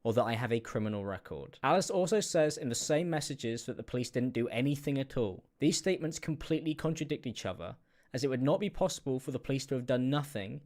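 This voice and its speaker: Measured, formal man narrating. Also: medium pitch, expressive, darkish tone. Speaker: video narrator. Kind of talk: scripted narration of a defence statement.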